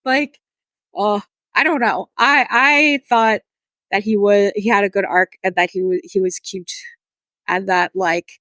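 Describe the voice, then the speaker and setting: A woman co-hosting a casual gaming podcast, animated and swearing freely as she acts out lines. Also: mid-range voice, a little slow, dry recording. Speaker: podcast co-host.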